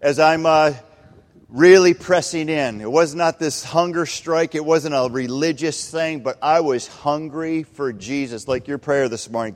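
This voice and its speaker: A man's voice: a little high, moderate pace. A middle-aged man giving an earnest, conversational testimony from the pulpit, with repeated phrases. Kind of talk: testimony sermon. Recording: reverberant hall.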